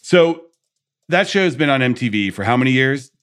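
Animated male podcast host, mock outrage. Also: mid-range voice, normal speed, clear, resonant tone. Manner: animated, rants with mock outrage and acted quotes. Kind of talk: casual chat.

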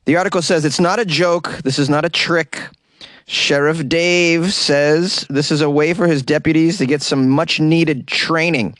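Wisecracking podcast host, slightly high voice. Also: male voice, steady tone, a little slow, fairly bright tone, no echo, studio quality. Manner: joking asides and riffs. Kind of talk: comedic news podcast. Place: closet in a home.

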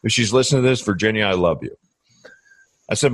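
A man's voice: on the low side, fast talker, long pauses, fairly bright tone, no echo. A middle-aged man hosting a casual interview, talking reflectively and often repeating words as he thinks. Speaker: podcast host.

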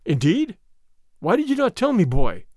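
A man's voice: sits high, huge pitch swings, moderate pace, a little mellow, no room sound, studio quality. A man voicing an angry, grieving woodsman father in an audiobook reading, exclamatory and indignant.

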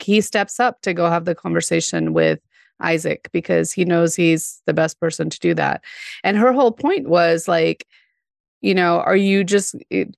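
A woman's voice: on the low side, creaky, no echo, studio quality. A woman co-hosting a podcast, chatting casually about a TV episode, with lots of fillers and frequent laughs. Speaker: podcast co-host. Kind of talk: casual chat about a TV show.

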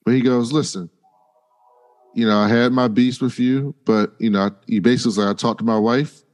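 Male podcast co-host, middle pitch, casual slangy recap voice. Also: brisk, soft background music. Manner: retells scenes in slangy paraphrase, animated voices for quotes.

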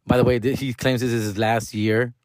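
A man's voice: mid-range voice, little pitch movement, a little fast, a little mellow, dry recording, clean studio sound. A man in his forties hosting a comedy podcast, rambling casually in slangy, profane talk with Spanish words mixed in. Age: 40s.

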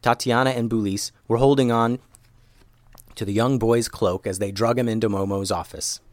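A man narrating a children's story in an expressive, animated reading. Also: fairly low pitch, normal speed, dry recording.

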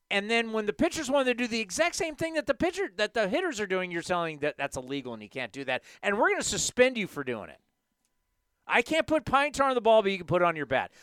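Animated male sports talk host. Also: high-pitched, smooth, no echo. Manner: animated, emphatic ranting.

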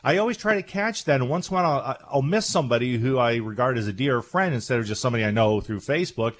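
A man's voice: medium pitch, animated, fast. A man hosting a radio talk show, chatting in an effusive, jokey way. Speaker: radio host. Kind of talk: casual radio chat.

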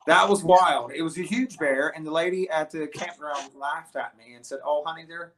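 Rambling, animated male storyteller. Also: fairly high pitch, normal speed, crowd noise. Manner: rambling, animated storyteller with many restarts and fillers. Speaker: guest musician. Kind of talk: casual interview storytelling.

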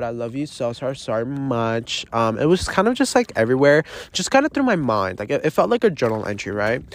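A young man hosting his podcast in casual solo chat, rambling with many fillers and giggling, talking outdoors on the water. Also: medium pitch. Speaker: podcast host.

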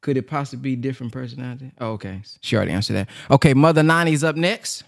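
A man hosting a call-in program, talking in an animated, enthusiastic, casual way with slang. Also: medium pitch, rapid-fire, gravelly, dry recording, studio quality. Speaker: host.

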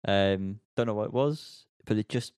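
Unhurried low male co-host, smooth and dry, plain delivery. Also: a little mellow, dry recording. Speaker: podcast co-host reviewing music. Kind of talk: casual chat.

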